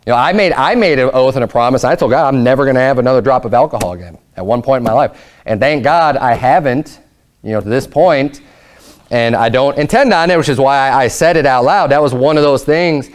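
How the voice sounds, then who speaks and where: A male pastor preaching a sermon in a loose, conversational way, with frequent fillers and restarts, jumping higher in pitch whenever he quotes someone. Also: fairly quick. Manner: raises pitch sharply when quoting Peter and Jesus.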